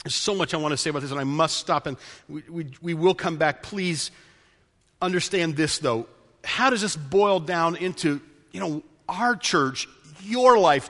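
A man preaching a sermon as pastor, passionate, swinging between loud pleading and quiet storytelling, in a church sanctuary. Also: on the high side, normal speed, long reverb tail.

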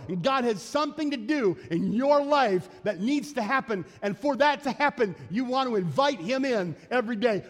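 Pastor guy preaching in a church, pretty high voice, chatty, acts out little bits, long echo in the room. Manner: conversational preaching, acts out quotes and asides. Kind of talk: sermon. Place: church sanctuary.

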